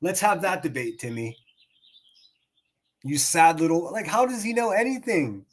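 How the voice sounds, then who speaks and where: A man's voice: a little high, animated, a little slow. A man streaming and reacting to clips, ranting in a profane, mocking way and laughing sarcastically at his target.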